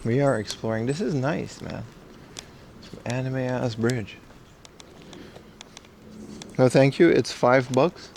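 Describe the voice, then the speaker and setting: A man's voice: medium pitch, slow, creaky, long pauses, a little mellow, slight background noise. A man in his thirties from the Caribbean, chatting with his viewers as he walks outdoors during a casual livestream. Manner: chatty, rambling, joking with chat. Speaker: IRL livestreamer. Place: outdoors walking through streets. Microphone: camera rig carried while walking.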